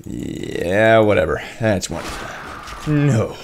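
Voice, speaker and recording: A man's voice: fairly low pitch, sing-song, takes it slowly, pauses often, soft background music. A young man giving jokey gameplay commentary as a let's play host, bursting into yelps and swearing and teasing the game monsters. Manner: talks to game monsters in mock voices.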